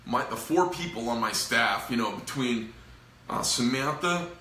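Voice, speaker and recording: A man's voice: medium pitch, animated, unhurried, bright, forceful tone, roomy sound, slight background noise. A middle-aged man who runs a knife company, venting to camera in a rambling, profane, frustrated way.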